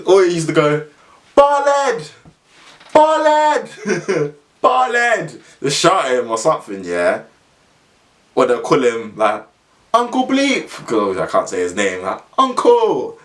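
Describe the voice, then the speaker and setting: A man's voice: fairly low pitch, fairly bright tone. A young man, telling a funny story in a casual vlog, slangy and rambling, often laughing as he talks. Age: young adult. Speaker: vlogger.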